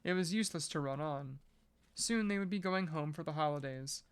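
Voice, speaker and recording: A podcast reader reading a novel aloud at a measured pace, breaking off now and then for casual joking asides. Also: mid-range voice, smooth.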